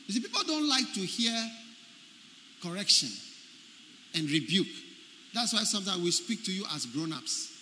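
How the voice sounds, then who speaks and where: Emphatic preacher in an echoey hall. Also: male voice, sits high, very animated, normal speed, long pauses, bright, forceful tone, slight background noise. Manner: emphatic, repeats key phrases, quizzes the congregation. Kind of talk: sermon. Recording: echoey hall with faint ambience.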